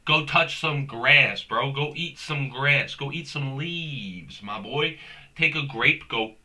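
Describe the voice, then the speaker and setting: Speaking slowly in a mid-range voice that's bright and forceful, a young man hosts a comedic rant. He rambles and swears in slang, saying "bro" over and over.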